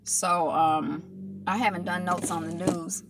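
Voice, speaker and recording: A woman's voice: fairly low pitch, steady tone, slow, noisy background. A woman chatting casually to viewers while eating on a live stream, rambling with lots of fillers and answering comments as they come in. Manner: loose, rambling talk full of fillers. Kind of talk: casual mukbang live chat. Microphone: phone camera.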